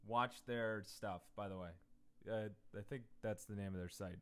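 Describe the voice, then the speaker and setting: A man co-hosting a casual chat, adding short reactions and quick asides. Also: lowish voice, steady tone, a bit bright, clean tone. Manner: brief reactions and asides, laughs along. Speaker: podcast co-host.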